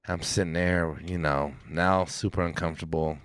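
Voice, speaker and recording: A podcast co-host tells long, rambling stories full of swearing and acted-out quotes in casual chat. His voice is low and steady at a moderate pace, smooth, with studio-quality sound and no echo.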